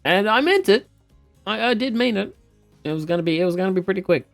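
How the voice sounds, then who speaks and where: A man streaming a game, chatting casually with viewers, animated and cursing freely. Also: sits high, quick pace, gravelly, faint music behind. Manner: animated, swearing, laughing at the game. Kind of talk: casual live-stream chat.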